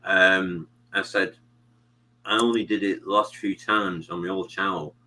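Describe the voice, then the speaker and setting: British man, very low voice, bright forceful tone, rambling casual chat, stream host. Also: fairly even intonation, unhurried, low-quality recording. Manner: rambling, many fillers and "you know what I mean".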